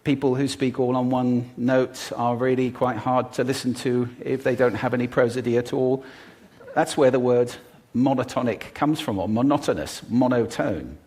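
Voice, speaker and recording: A man giving a talk on stage to a live audience about speaking, deliberately varying his pitch, pace and volume. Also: steady tone, darkish tone. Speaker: public speaker on voice.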